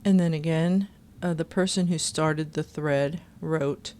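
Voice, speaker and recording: Female host, lowish voice, reads forum posts aloud and cuts in with pointed, indignant asides. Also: steady tone, unhurried, a little mellow. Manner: sings chorus snippets. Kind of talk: reading aloud with commentary.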